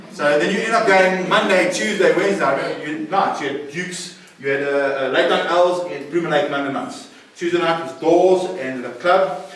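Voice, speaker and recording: Animated man teaching in an echoey hall. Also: fairly high pitch. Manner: animated, questions the room, repeats phrases. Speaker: recovery class teacher. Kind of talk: teaching a faith-based recovery class. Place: large room at a recovery centre. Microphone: distant room mic. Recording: echoey hall, distant mic.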